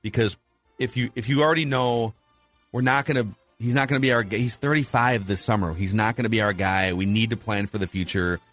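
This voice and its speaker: Low-voiced man hosting a sports talk show. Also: steady tone, fairly quick, a bit bright, soft background music. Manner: analytical, runs polls and asks questions. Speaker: podcast host.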